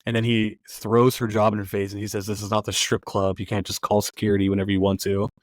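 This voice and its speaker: A man hosting a podcast, casually recapping a film scene and acting out its lines in a quieter voice. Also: on the low side, level tone, quick pace, no room sound. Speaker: podcast host.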